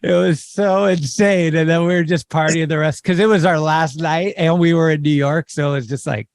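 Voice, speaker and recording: Man, podcast host, excitable, laughs a lot, raised pitch. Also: moderate pace, no room sound, clean studio sound. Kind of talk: casual chat.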